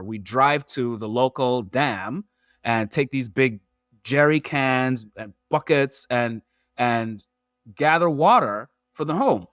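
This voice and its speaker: A man, a podcast guest who explains his points through lively analogies and metaphors. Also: medium pitch, dry recording, studio quality. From Nigeria. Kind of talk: animated storytelling in an interview.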